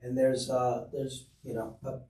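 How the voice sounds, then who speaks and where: Easygoing broker in an echoey room. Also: male voice, medium pitch, monotone, unhurried, dark tone, far from the mic. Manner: easygoing, filler-heavy. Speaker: real estate broker guest. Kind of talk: casual podcast conversation. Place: podcast studio.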